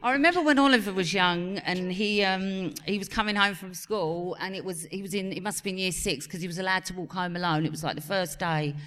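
A woman in her forties with an English accent telling a lively family story on stage, acting out the voices of her sons. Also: on the low side, fairly quick, hardly any pauses. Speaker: actress on a reunion panel. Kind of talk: live stage Q&A anecdote. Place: cinema venue on stage.

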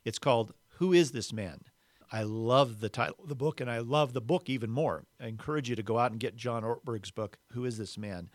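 A man's voice: medium pitch, a little fast, no room sound. A man hosting a podcast, giving a devotional teaching in a reflective way and repeating key words for emphasis. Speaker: podcast host.

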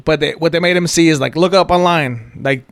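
A man's voice: on the high side, fairly quick. A man co-hosting a podcast, telling a prank story in casual chat and swearing freely. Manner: animated, acts out quoted voices, swears freely. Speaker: podcast co-host.

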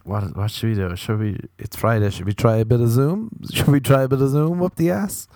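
A young Irish podcast host rambles and swears through a casual comic monologue, frequently dropping into playful quoted voices. His medium-pitched, warm voice moves a little fast, captured dry with clean studio sound.

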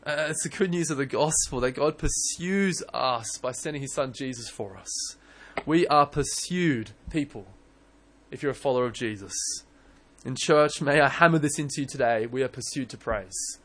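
A young man preaching a sermon in church, earnest and animated, often restarting his words. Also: medium pitch, normal speed. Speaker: pastor.

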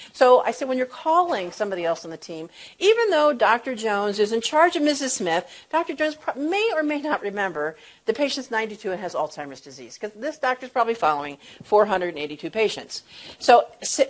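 Woman, hospice clinician, animated lecture, acts out callers. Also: fairly high pitch, fairly quick. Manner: animated, acts out phone calls with exaggerated voices. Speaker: hospice and palliative care clinician. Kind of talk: lecture with storytelling.

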